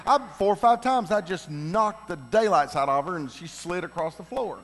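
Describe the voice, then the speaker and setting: A middle-aged man telling humorous family stories to a congregation, animated and building to loud, laughing punchlines. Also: sits high, moderate pace. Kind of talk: humorous personal storytelling. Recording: long reverb of a large hall.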